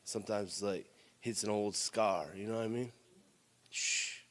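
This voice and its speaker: A man's voice: lowish voice, fairly even intonation, moderate pace. A man giving an emotional share at a recovery meeting, near tears, talking bluntly with lots of swearing, "you know" and "man". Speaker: member sharing at a recovery meeting. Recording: long hall reverb.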